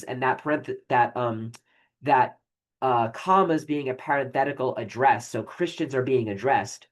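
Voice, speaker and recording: A professor giving a recorded literature lecture, explaining with frequent fillers and restarts and reading poetry aloud slowly. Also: mid-range voice.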